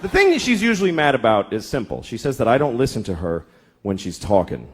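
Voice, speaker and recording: A man's voice: mid-range voice, fast talker. A man doing a stand-up comedy routine, telling profane, exaggerated stories about married life into a stage mic. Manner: profane, exaggerated, animated storytelling. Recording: live show with audience and room noise.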